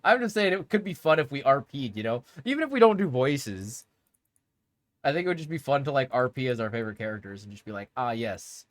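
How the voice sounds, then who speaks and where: Young male streamer, lively pitch, rambling casual chat with lots of laughs. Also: fast, no room sound. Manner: animated, rambling, laughs often.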